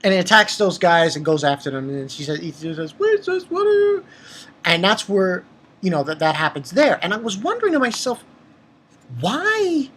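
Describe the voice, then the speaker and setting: A man casually recapping a manga chapter for his channel, rambling and excitable, with lots of fillers and restarts. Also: a little high, brisk. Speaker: manga review channel host.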